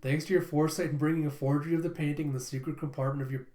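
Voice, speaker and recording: A man hosting an anime reaction video, recapping scenes excitedly and reading every character's lines himself. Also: on the high side, racing. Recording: roomy echo.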